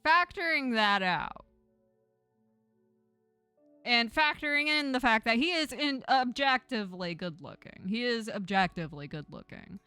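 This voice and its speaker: A woman's voice: fairly high pitch, lively intonation, measured pace, sharp tone, clear, resonant tone, no echo, faint music behind. A woman game streamer lisping from a sore tongue, chatting casually and teasingly with viewers and reading game text aloud.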